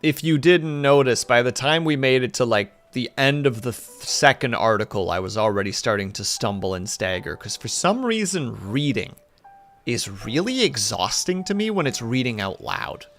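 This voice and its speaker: A man's voice: medium pitch, big pitch swings, moderate pace, a bit bright, faint music behind. A man streaming live, chatting casually and rambling with his viewers in a self-deprecating way.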